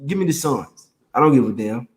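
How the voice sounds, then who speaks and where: A man's voice: medium pitch, animated, a little fast, roomy sound, low-quality recording. Slangy, laid-back male stream host. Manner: slangy, laid-back banter, greets chat by name. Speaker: sports betting livestream host. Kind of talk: casual livestream chat.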